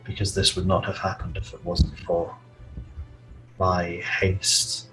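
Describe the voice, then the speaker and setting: A man playing a remorseful, halting hero. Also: sits low, completely flat delivery, pushed and bright, soft background music, exaggerated voice, poor audio. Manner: halting, earnest, measured. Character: remorseful young man owning his mistake. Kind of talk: in-character tabletop role-play.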